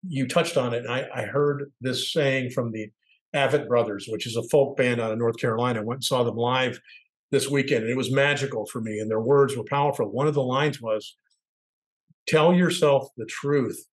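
A man's voice: medium pitch, steady tone, a little fast, poor audio. A middle-aged man sharing candid personal reflections as a podcast co-host, thinking aloud and searching for words. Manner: candid, searching, acts out quoted voices.

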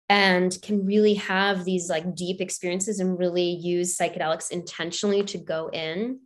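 A woman hosting a podcast who works with clients, responding to her guest in a reflective, affirming way. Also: fairly low pitch. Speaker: podcast host and healing practitioner. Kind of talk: conversational interview.

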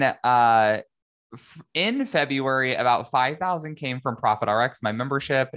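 Chatty low-voiced man hosting a podcast. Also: a bit bright. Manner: chatty, filler-heavy, upbeat and conversational. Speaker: podcast host, business educator. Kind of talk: casual solo podcast monologue.

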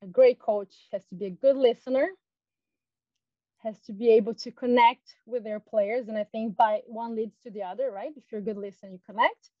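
A woman's voice: on the high side, brisk, no echo, dull audio. A woman tennis coach as a podcast guest, talking in an earnest, plain way. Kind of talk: casual interview chat.

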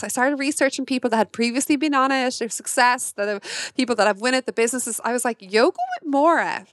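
Irish woman chatting on her podcast, talks super fast and passionate, bit high voice. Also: no room sound, studio quality. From Ireland. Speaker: podcast host. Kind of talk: casual podcast monologue.

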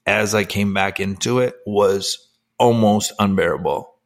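Man in his forties, fairly low voice, interview guest, candid, emotional, lots of fillers. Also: measured pace. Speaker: guest, former hockey player turned life coach. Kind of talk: personal storytelling in an interview.

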